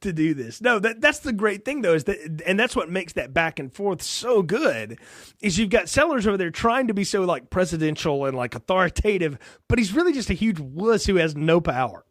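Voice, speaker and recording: Rich: A high, lively male voice that swings widely in pitch. He chats casually about a film as a podcast co-host, laughing often and acting out lines. The sound is close and dry, with no room echo. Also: normal speed. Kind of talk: casual film review chat.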